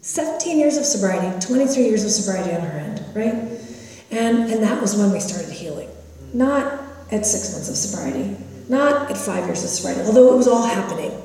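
A woman's voice: medium pitch, lively intonation, brisk, warm tone. A woman in her fifties from California, speaking at a recovery meeting and telling her own story candidly and with self-mocking humor. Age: 50s. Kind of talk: personal recovery share. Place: large meeting hall. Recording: echoey hall from far off.

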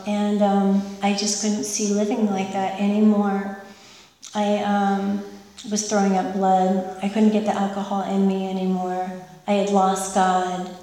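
A woman giving a candid, emotional personal testimony as a speaker at a recovery meeting, often pausing with fillers. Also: medium pitch, mellow. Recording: echoey hall from far off.

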